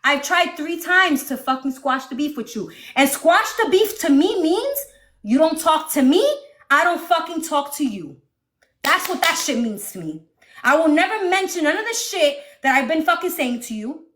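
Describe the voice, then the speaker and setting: A high-voiced woman from the northeastern United States rants on a phone livestream from her home. Her voice swings wildly up and down as she swears and argues, animated and confrontational throughout. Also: normal speed. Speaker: livestream host. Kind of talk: heated livestream rant.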